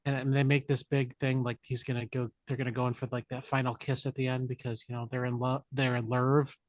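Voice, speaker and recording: Animated man recapping a movie. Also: mid-range voice, fairly quick, no echo, clean studio sound. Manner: animated, jokey retelling with put-on character lines. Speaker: podcast co-host. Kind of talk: casual movie recap chat.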